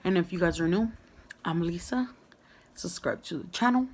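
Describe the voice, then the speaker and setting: Young woman vlogger, gravelly candid storytime. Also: lowish voice, moderate pace, a little mellow. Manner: candid, frank, heavy swearing, lots of "like". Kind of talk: casual storytime monologue.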